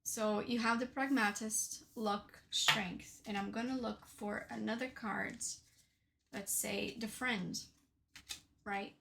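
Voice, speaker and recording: A woman's voice: on the high side, steady tone, slow, vocal fry, background noise. A young woman from Portugal chatting casually about her tarot decks, with frequent fillers and tag questions. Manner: chatty, many fillers and "right?". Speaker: tarot deck reviewer. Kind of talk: casual deck showcase.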